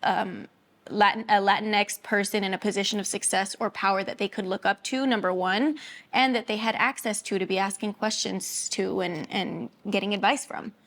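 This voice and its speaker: A young adult woman hosting a podcast. She introduces a guest and then explains the show in a measured, hesitant way. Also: medium pitch, steady tone, fairly bright tone. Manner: measured, hesitant, with fillers and restarts. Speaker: podcast host.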